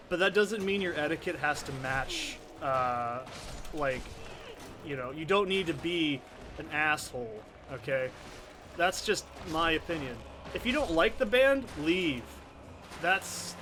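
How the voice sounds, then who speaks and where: A man's voice: fairly high pitch, background noise. A young man doing casual, profane, rambling gameplay commentary from his home desk mic. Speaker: let's play commentator. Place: soundproofed home corner. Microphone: desk condenser mic.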